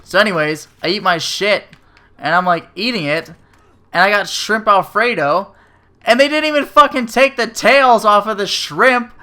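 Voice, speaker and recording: In a bright, forceful, high voice at normal speed, a restaurant server launches into a story about bad service. His rant is laid-back yet profane and sarcastic, peppered with filler.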